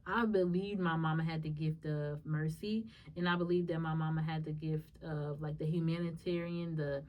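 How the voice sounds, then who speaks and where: A woman hosting a solo podcast, telling a personal story in a casual, emotional way, talking to her listeners as y'all and swinging between soft musing and sudden high, excited bursts. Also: normal speed, far from the mic, dull audio. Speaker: podcast host.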